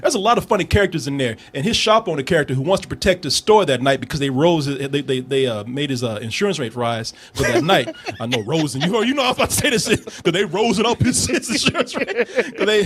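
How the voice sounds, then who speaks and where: A man's voice: on the high side, fast, hardly any pauses, slight background noise. A man hosting a casual comedic movie review podcast, laughing often and acting out lines from the film. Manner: animated, laughing, quotes characters in exaggerated voices.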